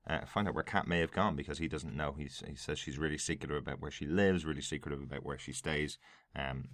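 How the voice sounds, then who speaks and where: A man's voice: a bass voice, quick pace, a bit bright, no echo, studio quality. A man with an Irish accent co-hosting a podcast in a casual, chatty way, recapping scenes with lots of fillers and easy laughter. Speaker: podcast co-host.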